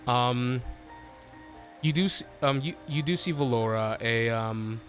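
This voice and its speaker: A man running a tabletop game as game master, narrating in a halting way with many fillers and restarts. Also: medium pitch. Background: faint background music.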